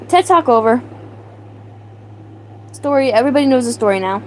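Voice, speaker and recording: A young woman hosting a livestream, telling a story in a casual, animated way with mock outrage and laughter, answering her chat. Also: a little high, moderate pace, slight background noise, poor audio. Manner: animated, exaggerated outrage, laughing, reads chat names aloud. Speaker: livestream host.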